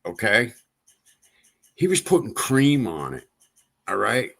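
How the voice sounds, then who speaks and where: A man's voice: fairly low pitch, huge pitch swings, slow, creaky, fairly bright tone, slightly rough. A man hosting a livestream, venting in a casual monologue with exasperation and repeating himself for emphasis. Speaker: livestream host.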